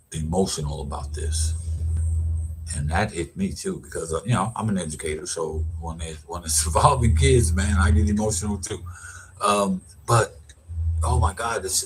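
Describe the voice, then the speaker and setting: A man's voice: low voice, slightly rough. A middle-aged man, an educator, giving casual, rambling commentary with lots of restarts and repeated words. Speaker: vlogger, educator.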